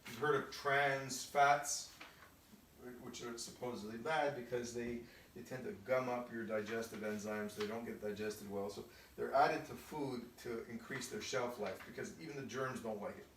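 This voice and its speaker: A man's voice: mid-range voice, steady tone, normal speed, a bit bright, a little hiss or hum. A male chemistry teacher giving a casual recorded lesson. He explains step by step and often checks in with "okay?". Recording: echoey room, voice from a distance.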